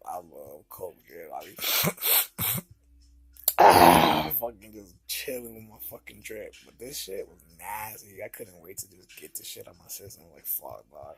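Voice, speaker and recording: A man telling a personal story in a casual, profane, slang-heavy way. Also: on the low side. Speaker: vlogger.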